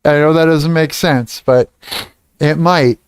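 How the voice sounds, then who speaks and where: A man's voice: fairly high pitch, fairly even intonation, a little slow, slight background noise. A young man hosting a casual livestream, reading chat comments aloud, laughing often and swearing freely. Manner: giggly, swears a lot, reads chat aloud. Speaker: livestream host.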